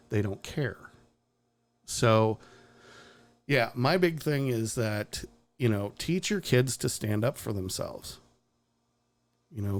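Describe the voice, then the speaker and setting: Blunt, profane man talking casually. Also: lowish voice. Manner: blunt and profane, with frequent chuckles. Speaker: podcast host. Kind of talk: casual opinion talk.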